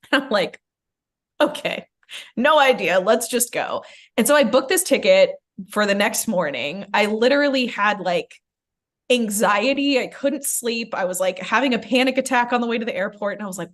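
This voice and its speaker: Young woman podcast host, chatty storyteller, mid-pitch, voices the people in her stories. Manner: animated, many "like" fillers, acts out quoted lines. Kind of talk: casual storytelling chat.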